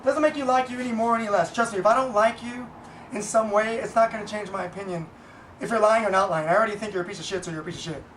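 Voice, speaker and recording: A man rattles off complaints at a quick clip, blunt and profane, circling back on his own points. The sound is roomy and echoing, his voice a little distant from the microphone, with faint noise underneath. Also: high voice, a bit bright. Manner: blunt, profane, repetitive venting. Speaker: vlogger, business owner. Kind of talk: casual ranting monologue. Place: Boise, Idaho. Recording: echoey room, voice from off-mic.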